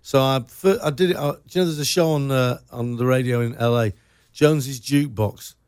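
A man's voice: medium pitch, a little fast, darkish tone, clear, resonant tone, no echo, studio quality. A man hosting a radio show, chatting casually and joking with his guest, laughing often. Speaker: radio host. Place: radio studio.

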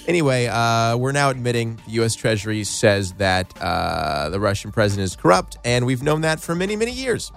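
A man hosting a radio morning show, reading news in a measured way and joking easily with his co-hosts. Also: medium pitch, big pitch swings, creaky, soft background music. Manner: measured newsreader delivery that gives way to easy laughter.

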